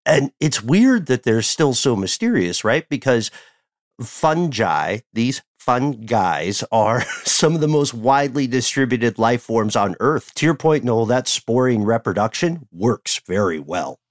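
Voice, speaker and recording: A man's voice: mid-range voice, sing-song, measured pace, no room sound, clean studio sound. A man co-hosting a casual chat podcast, rambling, punning and laughing easily. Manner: wordplay-loving, digressive, laughs easily. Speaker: podcast co-host.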